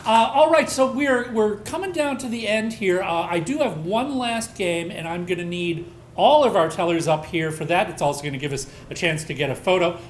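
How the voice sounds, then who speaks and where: A host on a pub stage explains the rules of a storytelling game in a loose, lively way. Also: mid-range voice, moderate pace, a little hiss or hum. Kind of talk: live show hosting.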